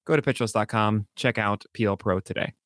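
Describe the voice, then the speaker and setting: A man appearing as a guest analyst on a podcast, explaining eagerly and quickly. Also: fairly low pitch, no echo, clean studio sound. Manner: eager, rapid-fire explainer.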